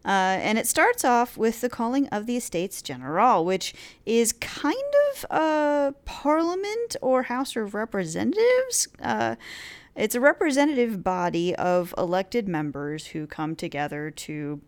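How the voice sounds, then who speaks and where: A woman's voice: mid-range voice, expressive, moderate pace, smooth. A woman hosting a history series, explaining events in a casual, chatty lecture with playful asides and frequent filler words. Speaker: history podcast host.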